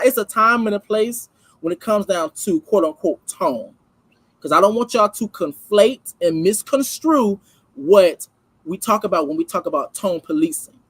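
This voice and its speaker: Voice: medium pitch, fairly bright tone, dry recording, low-quality recording. A channel host giving casual, emphatic reaction commentary, full of slang and asides to viewers.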